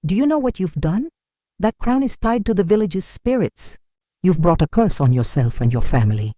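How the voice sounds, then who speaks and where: A storyteller voicing a calm, stern male village prophet who speaks gravely and firmly. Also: high voice, normal speed, no echo, clean studio sound, voice pushed up. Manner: grave, firm, warning.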